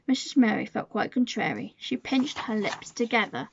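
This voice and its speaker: A woman reading a storybook aloud to listeners in a gentle, measured narration. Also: mid-range voice, big pitch swings, gravelly, slight background noise. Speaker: storybook reader. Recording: dull lo-fi sound.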